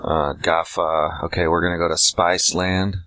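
A deep-voiced man hosts a string of prank calls, joking crudely between them. His voice is very low and sounds dry and close to the mic. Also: flat delivery, measured pace, pushed and bright, no echo. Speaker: prank call host.

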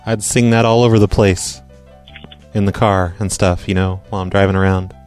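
Low-voiced joking man host. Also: level tone, normal speed, a little mellow, smooth, soft background music. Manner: dry, joking asides. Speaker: host of a call-in prank show. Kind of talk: casual chat reading voicemails.

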